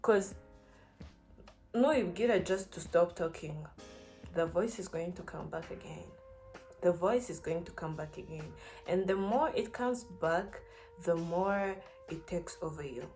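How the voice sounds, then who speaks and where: Young woman, lowish voice, slow and earnest, encouraging vlog chat. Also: a little mellow, soft background music. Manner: earnest, encouraging, peppered with "like" and "you know". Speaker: vlogger. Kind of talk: casual advice talk to camera.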